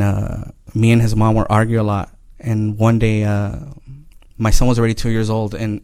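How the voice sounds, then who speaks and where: A man giving an emotional personal testimony, earnest and halting, often repeating his phrases. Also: on the low side, darkish tone, no room sound.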